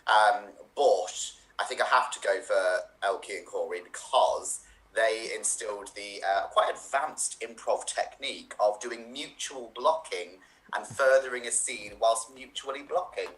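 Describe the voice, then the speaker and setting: Low-voiced man giving dry feedback. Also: a little slow, a bit bright, echoey room, a little hiss or hum, rough recording. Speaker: improv guest judge. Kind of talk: casual comment on a show.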